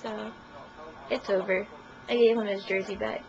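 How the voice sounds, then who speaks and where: A woman's voice: mid-range voice, fairly even intonation, moderate pace, creaky, a little mellow. A young woman telling a story in a casual interview, chatty and giggly, full of "like". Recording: muffled recording with faint hiss.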